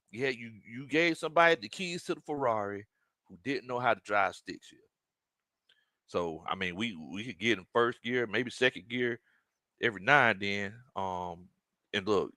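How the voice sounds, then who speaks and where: A man hosting a casual sports live stream, reading viewer comments aloud, animated and laughing often. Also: fairly low pitch, no room sound. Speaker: sports show host.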